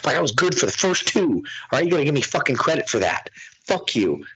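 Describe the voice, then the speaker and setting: A man's voice: medium pitch, quick pace, a little hiss or hum, low-quality recording. A young man hosting a podcast, ranting animatedly in profane casual chat. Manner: animated, ranting, heavy swearing. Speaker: podcast host.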